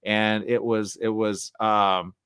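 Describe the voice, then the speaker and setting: A man hosting a radio talk show alone, rambling in a loose, animated way, jumping into quoted voices and trailing off into mumbles. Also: lowish voice, slow pace, clear, resonant tone, no echo, clean studio sound.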